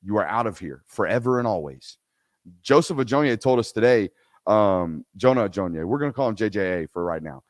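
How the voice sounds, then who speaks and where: This is a fairly low-pitched man speaking fairly quickly, captured in studio quality with no room sound. Hosting a live sports talk show, he launches into an animated rant full of emphatic repetition before fielding questions from listeners.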